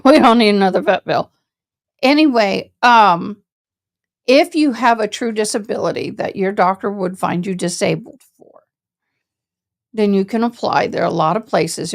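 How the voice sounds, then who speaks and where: A woman telling a story casually and colloquially, a service dog handler who acts out other people's voices. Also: mid-range voice.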